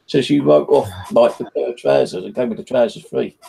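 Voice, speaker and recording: An English man chats on a live stream, spinning a loose, meandering anecdote packed with fillers. His voice is dark and husky, with a gravelly edge. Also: medium pitch, big pitch swings, a little fast. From England. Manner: rambling, full of "you know" and "like". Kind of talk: casual chat, storytelling.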